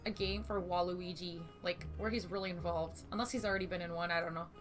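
A woman streaming a video game, chatting casually, swearing freely and breaking into sudden loud exclamations. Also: lowish voice, steady tone, quick pace, over music. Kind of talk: casual gaming commentary.

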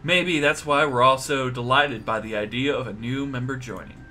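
A man's voice: mid-range voice, normal speed, faint music behind. A young man hosting a let's play, reading the game's text aloud and cracking jokes. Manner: joking, bright quips. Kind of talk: casual gaming commentary.

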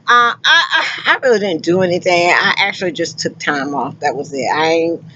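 A woman's voice: on the low side, expressive, moderate pace, sharp tone, lo-fi sound, a little hiss or hum. Effusive folksy woman trucker. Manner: effusive and folksy, keeps calling listeners honey and child. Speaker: truck driver and driver recruiter. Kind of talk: casual vlog talk to viewers.

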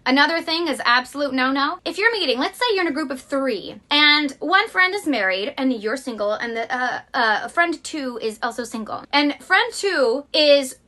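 Bright, animated woman vlogger. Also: high-pitched. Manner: animated, blunt, emphatic. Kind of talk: advice monologue with anecdotes.

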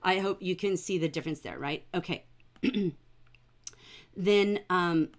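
A middle-aged woman leads a livestreamed writing lesson. Her voice sits a little low, and she sounds warm and encouraging. She picks up her students' sentences with real enthusiasm. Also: unhurried. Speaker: teacher.

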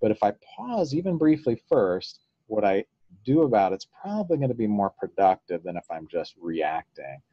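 Speaking at normal speed in a lowish voice, the psychologist guest comes through in dull audio with no echo. His interview answers unfold as laid-back stories, complete with acted-out quotes and frequent chuckles.

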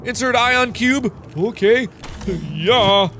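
A man's voice: very high voice, takes it slowly, pushed and bright, a little hiss or hum. A man in his twenties hosting a let's play, talking jokily to the game's creatures, swearing and yelping when startled. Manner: jokey, swears a lot, yelps in surprise, chats to game creatures. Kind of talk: excitable gameplay commentary.

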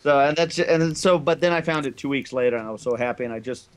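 A man co-hosting a casual gaming podcast, telling childhood stories and acting out the quotes loudly. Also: mid-range voice, fast talker, clean tone. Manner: storytelling, acts out quotes loudly. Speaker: podcast co-host. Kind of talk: casual group chat.

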